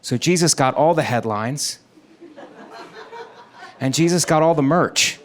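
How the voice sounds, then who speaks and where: A man's voice: on the high side, measured pace. A man performing a stand-up comedy set, telling stories and acting out quoted characters in a conversational delivery. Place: comedy stage before a laughing audience. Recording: live stage recording with audience noise.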